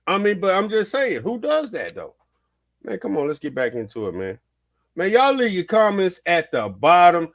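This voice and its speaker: A man hosting a vlog, giving casual, heated reaction commentary, repeating himself and swearing as he riffs. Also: sits high. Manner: animated, repetitive, swearing, heated. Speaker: vlog host.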